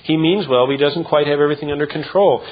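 A male pastor delivers a sermon with emphatic repetition and quick asides. His voice sits a little higher than most men's. The recording is dull and lo-fi. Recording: dull lo-fi sound.

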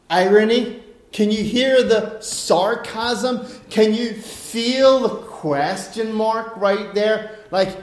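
A man's voice: high voice, darkish tone. A man preaching a sermon earnestly, asking rhetorical questions, recorded in an echoey room.

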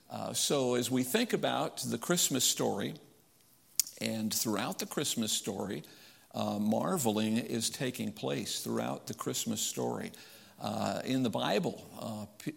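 An older man, a pastor, giving a sermon in a halting, hesitant way with frequent pauses. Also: mid-range voice, creaky, breathy edge.

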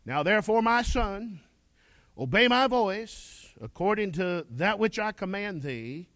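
A man's voice: high voice, lively intonation, measured pace, fairly bright tone, no room sound, studio quality, full character voice. A man reading the lines of a scheming biblical mother in a sermon. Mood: urging. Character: mother scheming for her younger son.

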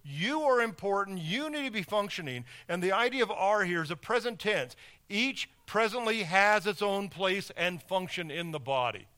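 A man's voice: high-pitched, animated, normal speed, bright, forceful tone, clear, resonant tone. A man preaching a sermon as pastor in a conversational way, with rhetorical questions and sports analogies.

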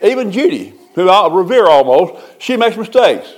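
Folksy preaching man, slightly high voice. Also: very animated, moderate pace. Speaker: pastor. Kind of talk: sermon.

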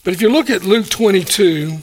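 A man preaching a sermon, animated, acting out the people he quotes and chuckling between points. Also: high-pitched, fairly quick. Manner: animated, acts out quoted speakers.

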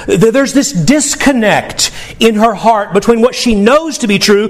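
High-voiced man preaching a sermon. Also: expressive, moderate pace. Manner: earnest, emphatic, conversational preaching with repeated words. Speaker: pastor.

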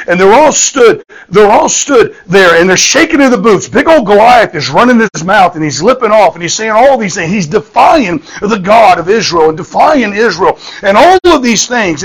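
A man's voice: high voice, low-quality recording. A man, preaching a sermon in a folksy storytelling manner, often repeating words and checking in with "okay?". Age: 50s.

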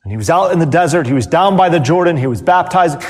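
A man preaching a sermon as pastor, pausing often and letting phrase ends fall away softly. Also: on the high side, animated, long reverb tail. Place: church.

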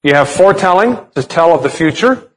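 A man's voice: on the high side, expressive, brisk, fairly bright tone. A man preaching a sermon as a pastor, explaining a text step by step and asking rhetorical questions. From United States.

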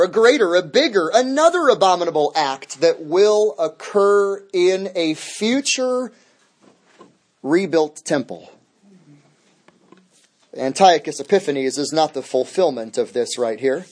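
Guy pastor teaching bible study, fairly high voice, emphatic, repeats stuff for emphasis. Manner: emphatic, repeats key phrases.

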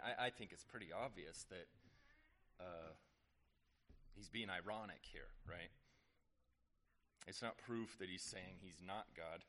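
Low-voiced man preaching conversationally. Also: a bit bright. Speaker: pastor. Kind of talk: sermon.

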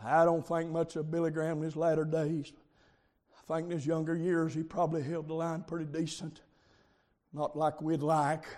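A man preaching a revival sermon, moving from quiet storytelling to loud shouting. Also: a little high, completely flat delivery, normal speed. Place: camp meeting with congregation. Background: congregation calling amens.

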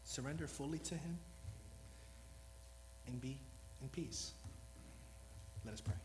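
A man's voice: mid-range voice, slow pace, a little mellow, slight background noise, poor audio. A man preaching a sermon in an earnest, rambling, self-deprecating way, new to speaking before this congregation. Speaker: lay preacher.

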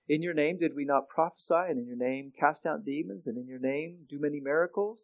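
Man preaching a sermon, fairly high voice, earnest, restarts a lot, bit of a muffled lo-fi recording. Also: a little fast, gravelly, few pauses. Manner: earnest preaching with frequent restarts, rising loud on quotes. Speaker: pastor.

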